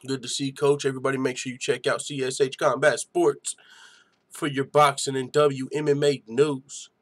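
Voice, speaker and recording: A man's voice: mid-range voice, level tone, normal speed. A young man hosting a live fight-night stream, giving hyped, slangy reaction commentary and chatting with viewers.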